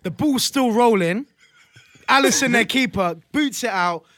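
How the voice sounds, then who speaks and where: A young man talks football in loose banter. His voice sits high and cuts through brightly. He tells stories with plenty of animation, acting out the reactions. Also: measured pace. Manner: animated storyteller, acts out reactions. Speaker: podcast co-host. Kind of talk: casual sports banter.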